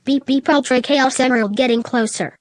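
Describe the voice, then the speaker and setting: A woman's voice: high-pitched, brisk, dry recording, studio quality, natural voice. A woman voicing a robot car that talks in clipped robotic phrases, in a storybook reading. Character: robot car, flat beeping machine.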